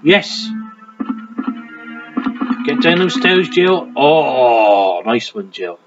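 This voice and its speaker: Talking to the on-screen character as he plays, this gaming commentator keeps his let's play commentary crude and jokey. He sounds a little high and very animated, drawing out his words in a fairly bright tone. Game music plays underneath, captured by a dull lo-fi mic.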